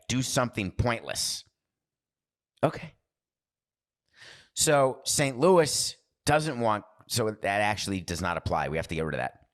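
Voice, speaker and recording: A man's voice: lowish voice, fairly bright tone. A man hosting a podcast, talking in a rambling, digressive monologue that keeps interrupting itself. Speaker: podcast host. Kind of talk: casual monologue.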